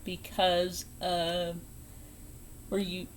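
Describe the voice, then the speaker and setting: A woman hosting a casual step-by-step sewing tutorial, chatty and playful, dropping into soft whispered asides as she works at a home sewing table. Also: on the low side, completely flat delivery, drawn-out words, soft background music. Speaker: sewing channel host.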